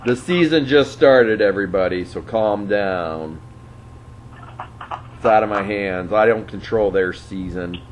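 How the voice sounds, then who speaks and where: A man with a lowish voice talks through sports matchups at an unhurried, slow pace. His delivery is dry and offhand, like casual chat between co-hosts. A faint hiss of noise sits behind him. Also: rough recording. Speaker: co-host of a sports picks show.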